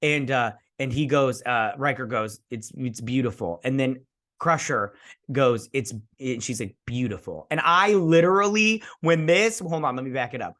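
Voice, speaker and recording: A man hosting a show, excitedly recapping an episode like a gushing fan, with lots of fillers and restarts. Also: medium pitch, normal speed. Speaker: host.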